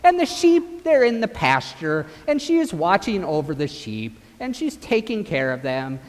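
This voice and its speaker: Animated priest with a lively voice. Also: male voice, high-pitched, moderate pace. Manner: animated storytelling, directing children. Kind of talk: children's sermon with acted gospel. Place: church. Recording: long church reverb.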